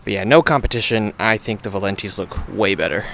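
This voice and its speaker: A man's voice: lowish voice, quick pace, vocal fry, a bit bright, a little hiss or hum. A young man casually walking through a car parts install outdoors, swearing now and then and hyped about the parts. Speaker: car modding vlogger. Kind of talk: casual how-to narration. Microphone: wireless clip-on mic. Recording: background music under voice.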